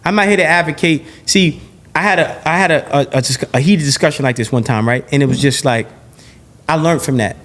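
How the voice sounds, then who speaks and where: A man with a notably high-pitched voice holds forth as a podcast guest in a heated interview. He talks in an animated rush, stacking and repeating phrases, restarting sentences and swearing bluntly. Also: fairly quick. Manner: blunt and profane.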